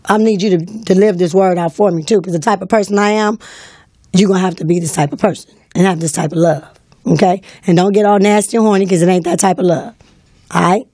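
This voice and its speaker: A woman's voice: fairly low pitch, steady tone, fast talker, dark tone, no echo. A woman hosting a live call-in show, talking in a bossy, teasing, slangy way into a studio mic. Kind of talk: casual live-stream talk. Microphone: studio microphone.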